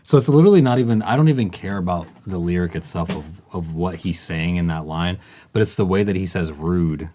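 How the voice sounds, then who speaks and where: A man's voice: sits low, fast talker, dark tone, a little hiss or hum. A man co-hosting a casual podcast, talking emphatically and with enthusiasm. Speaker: podcast co-host.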